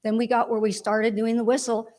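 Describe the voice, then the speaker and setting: A woman's voice: on the high side, little pitch movement, brisk, darkish tone. A woman giving a heartfelt, rambling eulogy for her father at a church memorial service.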